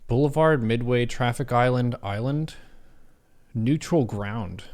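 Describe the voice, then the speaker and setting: A man on a live stream, reading out quiz questions and weighing each answer as he goes. His pitch sits in the middle and his talk is easy and unhurried. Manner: reads quiz questions aloud and muses over answers. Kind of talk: casual livestream commentary.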